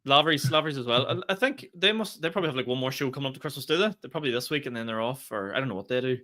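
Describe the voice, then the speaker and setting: A young man talks quickly, and his voice has a bright, forceful edge. He tells his comedy stories with animated energy and laughs often as he co-hosts a casual podcast. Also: medium pitch. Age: young adult. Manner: fast, animated storytelling with laughter. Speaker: podcast co-host and stand-up comedian. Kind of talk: casual chat.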